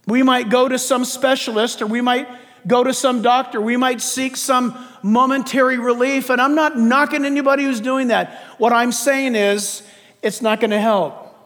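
An older man and pastor preaching a sermon, impassioned, swinging between shouted emphasis and quiet, chatty asides. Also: very high-pitched, long reverb tail.

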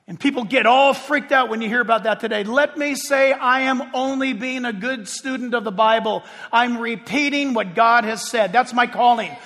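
Male pastor with a very high voice, emphatic preaching with loud-to-hushed swings, long hall reverb. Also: moderate pace, hardly any pauses. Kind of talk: sermon.

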